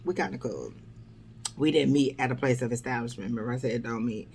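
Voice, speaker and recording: Casting: woman vlogger with a gravelly voice, blunt and wry storytelling. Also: extremely low pitch, brisk, a little mellow, a little hiss or hum. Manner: wry, blunt, exasperated, peppered with "blah, blah". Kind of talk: casual storytelling vlog.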